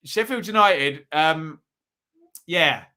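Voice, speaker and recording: A man's voice: on the high side, takes it slowly, bright, forceful tone. A man hosting a live football preview, chatting and reading out viewer predictions. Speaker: football podcast host.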